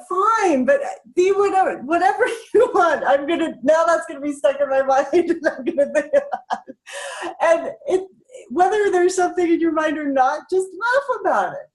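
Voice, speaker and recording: A woman's voice: sits high, animated, unhurried. A woman speaker guiding a laughter exercise, upbeat, breaking into laughter and cheers. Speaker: self-care speaker.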